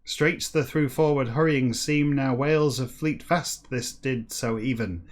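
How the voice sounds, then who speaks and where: A man reading a classic novel backwards for comedy, slow and halting word by word, breaking off for quick muttered asides. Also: mid-range voice. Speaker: comedy podcast reader.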